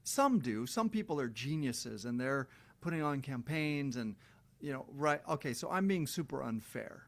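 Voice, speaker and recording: A man's voice: mid-range voice, animated, normal speed. A middle-aged man delivering a heated, profane rant straight to his viewers. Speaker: vlogger. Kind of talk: angry rant to camera.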